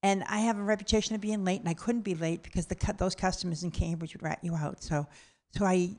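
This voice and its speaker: A woman's voice: on the low side, steady tone, fast, darkish tone. Blunt, profane woman telling a comic story. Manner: blunt and profane, acts out the voices in her story. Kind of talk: comedic personal story told aloud.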